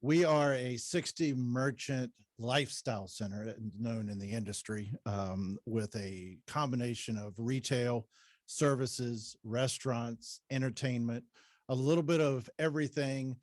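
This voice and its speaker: A man guesting on a radio show, answering in a measured, fact-heavy way with some fillers. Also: medium pitch, dry recording, clean studio sound. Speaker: radio guest, shopping center manager. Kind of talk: radio interview. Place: radio studio.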